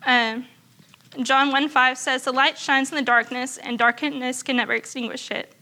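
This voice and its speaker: A woman's voice: high voice, fairly even intonation, normal speed, bright, forceful tone. A woman earnestly reading aloud a written faith testimony to a church group. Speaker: church member sharing testimony.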